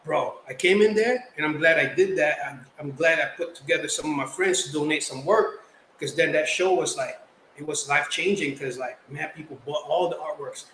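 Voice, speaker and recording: A young man from the Philippines, a guest artist telling stories in casual chat, animated and slangy. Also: a little high, fairly quick. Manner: animated, slangy, acts out quotes. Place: podcast studio. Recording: roomy echo, faint background noise.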